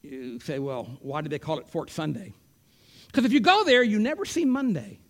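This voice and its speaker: A man preaching a sermon, swinging between loud declarations and hushed whispers. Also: on the high side, expressive, normal speed.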